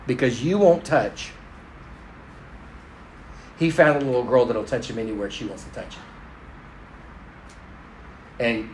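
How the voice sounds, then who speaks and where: A man's voice: mid-range voice, lively intonation, measured pace, long pauses, darkish tone, echoey room, slight background noise, rough recording. A middle-aged man giving a conversational storytelling sermon to a congregation, speaking to the crowd directly and poking fun at himself. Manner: conversational and self-deprecating, addresses the crowd directly. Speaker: pastor.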